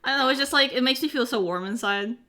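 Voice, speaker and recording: A woman's voice: high-pitched, fast talker, sharp tone, slight background noise. A young woman guest joking around playfully in a casual chat with friends. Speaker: stream guest.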